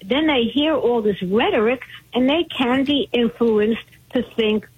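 Brief: female radio caller from Brooklyn, husky, higher voice, tinny phone line. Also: measured pace. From Brooklyn, New York.

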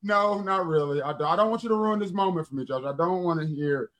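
Excitable dude cohosting a chat show, high voice, rapping bits here and there. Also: male voice, a little fast. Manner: excitable, breaks into rap lyrics. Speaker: co-host. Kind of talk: casual podcast chat.

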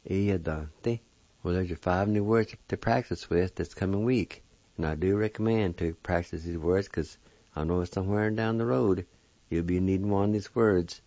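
A man's voice: deep voice, warm tone, no room sound, lo-fi sound. A man teaching a pronunciation lesson, sounding out each word syllable by syllable. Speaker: language teacher.

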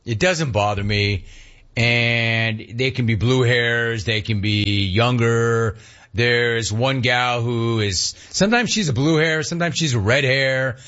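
A man in his fifties hosting a call-in talk radio show, ranting with animated energy and mocking voices. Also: slow pace, dull audio. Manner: animated ranting, mocks cheerful clerks in a high voice. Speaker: radio talk show host taking calls.

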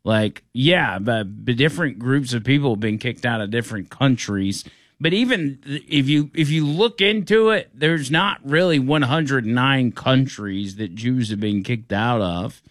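A man's voice: medium pitch, animated, a little slow, a bit bright, no echo, clean studio sound. A man hosting a talk radio show, chatting loosely and rambling from topic to topic. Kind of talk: casual talk radio chat.

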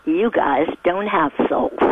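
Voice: mid-range voice, slow, phone-quality sound, slight background noise. A radio show guest delivering scornful political commentary in a lecturing, emphatic way.

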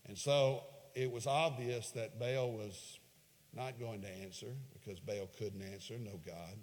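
A man preaching a sermon, retelling a scripture story dramatically, swinging from hushed lines to loud, raised ones. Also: mid-range voice, measured pace. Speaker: pastor. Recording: long hall reverb.

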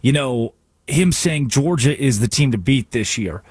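A male sports radio host delivering an animated, sarcastic rant from a studio. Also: medium pitch, unhurried, slightly rough, no room sound. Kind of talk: sports talk radio monologue.

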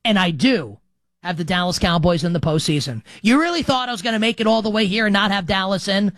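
Brash sports radio host, dry studio sound. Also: male voice, high voice, lively intonation, fast, a bit bright, no echo. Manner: brash, emphatic, jokey. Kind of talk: sports talk radio monologue.

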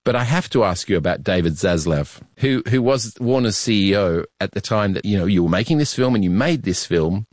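Low-voiced male interviewer, dry sound. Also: expressive, dry recording. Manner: measured, probing questions. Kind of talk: interview questions.

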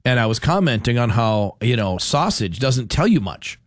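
A man's voice: medium pitch, normal speed, no echo, clean studio sound. A man hosting a talk radio show, rambling and correcting himself in casual chat. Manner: rambling, animated, self-correcting.

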